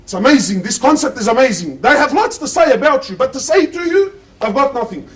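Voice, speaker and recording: A man's voice: extremely high pitch, sing-song, fairly quick, fairly bright tone, far from the mic, low-quality recording. A man giving an impassioned sermon, firing rhetorical questions at his listeners. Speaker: preacher giving a Friday sermon.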